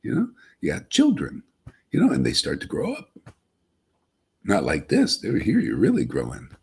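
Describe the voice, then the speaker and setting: A man's voice: lowish voice, huge pitch swings, normal speed, vocal fry, a little mellow, husky. A man giving an informal, emphatic spiritual talk to a group, folksy and chuckling, often asking "see?". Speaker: spiritual teacher.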